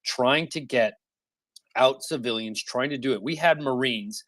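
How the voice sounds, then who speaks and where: A man's voice: medium pitch, measured pace, a bit bright, dry recording. A man in his thirties arguing passionately in an online audio discussion, insistent, cutting in and repeating himself. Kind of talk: heated debate.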